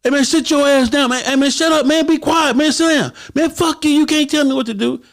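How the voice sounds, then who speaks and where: A man voicing a defiant, hot-headed male club member who shouts back in loud, mocking outbursts. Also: very high voice, a little fast, voice pushed up.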